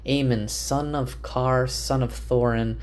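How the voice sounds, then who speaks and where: A man voicing a commanding woman sorceress who speaks gravely, like telling an old legend. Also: mid-range voice, fairly even intonation, takes it slowly, pitched above the performer's own voice, lightly acted. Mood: solemn. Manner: grave, storytelling cadence.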